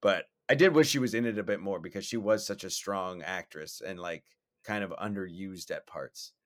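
A man co-hosting a podcast, talking about films in an animated way with lots of fillers, often acting out lines from scenes. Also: low-pitched, normal speed. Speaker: podcast co-host. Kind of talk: casual film discussion.

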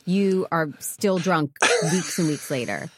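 A woman's voice: fairly low pitch, unhurried, darkish tone, dry recording, clean studio sound. A woman co-hosting a film podcast, giving wry, teasing opinions in casual talk. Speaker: podcast co-host. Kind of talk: casual chat.

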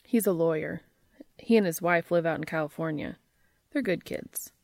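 A troubled, guarded man pushes through a halting, raw confession, as a woman reading the story voices him. His voice is low and gravelly, and the sound is dry and close. It stays near the reader's own voice. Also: darkish tone, no room sound. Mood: confessional.

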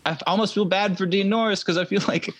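A man's voice: high voice, fairly even intonation, fast, fairly bright tone, dry recording. A man co-hosting a podcast, chatting casually and analytically about movies and sometimes acting out lines. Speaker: podcast co-host.

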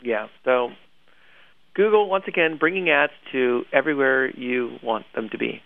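A gravelly-voiced man co-hosts a casual news talk, animated and opinionated. His voice comes through thin and tinny, like a phone line. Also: medium pitch, moderate pace. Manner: animated, opinionated, laughs often. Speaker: podcast co-host.

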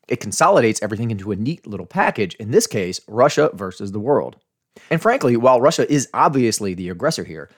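Animated American man hosting a podcast. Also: mid-range voice. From United States. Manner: earnest, argumentative, asks rhetorical questions. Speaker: podcast host. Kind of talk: scripted commentary podcast.

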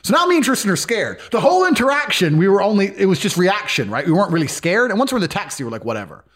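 A man's voice: high voice, big pitch swings, racing, a bit bright. A man telling stories as a podcast guest in a blunt, profane, casual way. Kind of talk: casual storytelling.

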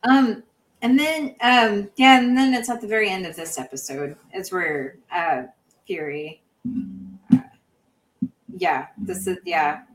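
A woman's voice: medium pitch, takes it slowly, long pauses, faint music behind, poor audio. A woman co-hosting a podcast, recapping a show in casual chat with lots of fillers and restarts. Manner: rambling, many fillers and restarts. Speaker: podcast co-host.

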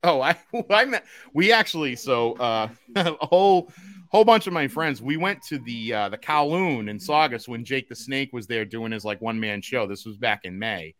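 A male podcast host, chatting casually and spinning a lively story. He laughs often and slips into the voices of the people he quotes. His voice sits in an ordinary middle range. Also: medium pitch, moderate pace, no echo. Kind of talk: casual chat.

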